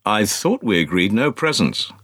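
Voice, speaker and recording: A man's voice: on the low side, big pitch swings, moderate pace, fairly bright tone, no echo, studio quality, pitched above the performer's own voice. A man reading an audiobook, voicing a stiff, grave young civil servant with clipped, reserved speech.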